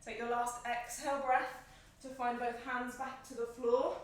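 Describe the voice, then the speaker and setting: Slightly winded as she moves, a woman guides a yoga class at normal speed, her high, light voice offering calm, encouraging cues paced with the breath. The sound echoes around a bare room, captured from a distance.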